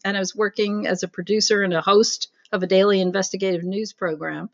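A woman's voice: medium pitch, vocal fry, muffled recording. A middle-aged woman journalist answering interview questions in an earnest storytelling way, full of fillers. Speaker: guest journalist.

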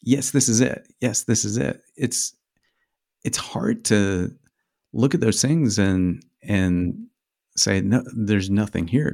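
Low gravelly man co-hosting. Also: a little mellow. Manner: supportive, halting, with restarts. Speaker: podcast co-host. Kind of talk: casual podcast conversation.

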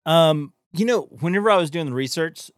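A man's voice: a little high, lively intonation, brisk, clear, resonant tone, no echo, studio quality. A man chatting casually as a podcast co-host, rambling with many fillers and restarts. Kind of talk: casual chat.

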